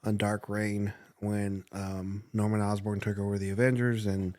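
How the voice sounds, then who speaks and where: A man's voice: fairly low pitch, flat delivery, moderate pace, darkish tone, no room sound. Rambling male podcast co-host, dry sound. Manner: rambling comic-book storyline recaps full of fillers. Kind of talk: casual podcast chat.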